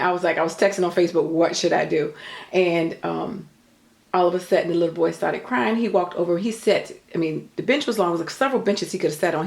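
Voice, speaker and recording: A woman's voice: lowish voice, creaky, darkish tone, roomy sound. An older woman telling a story in an earnest, chatty way, full of faith talk. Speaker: vlogger. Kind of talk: casual storytelling.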